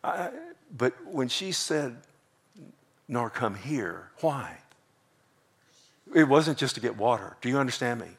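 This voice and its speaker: A man's voice: mid-range voice, lively intonation, unhurried, creaky, pauses often. A man preaching a sermon in an earnest way, acting out the lines he quotes and asking his listeners questions. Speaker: pastor.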